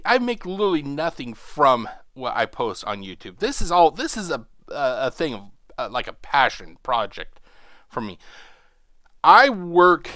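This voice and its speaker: A man's voice: on the high side, pushed and bright, dry recording, studio quality. A man hosting a reaction video, ranting with profanity and sarcasm. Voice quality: mocking, sarcastic.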